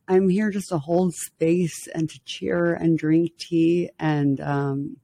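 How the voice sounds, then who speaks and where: A woman's voice: lowish voice, fairly even intonation, slow, dark tone, a little hiss or hum. A woman co-hosting a podcast while sick, chatting casually and enthusiastically. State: sick, coughing. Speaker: podcast co-host.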